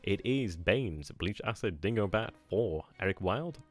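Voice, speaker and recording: A man's voice: on the low side, animated, measured pace, no echo. A man hosting a strategy game video channel, chatting casually and informally to his viewers and easily amused. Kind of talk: casual video outro chat.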